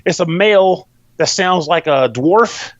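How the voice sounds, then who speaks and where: A man's voice: sits high, lively intonation, unhurried, no echo, muffled recording. A man hosting a podcast, explaining a game in rambling, loose and profane casual chat. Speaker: podcast host reviewing a game.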